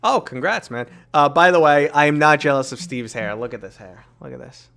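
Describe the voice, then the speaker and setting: A man's voice: on the high side, a little fast, gravelly, a bit bright. A man in his thirties with a New York accent, hosting a casual podcast, teasing his guest and reading chat comments aloud. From New York City. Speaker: podcast host and streamer.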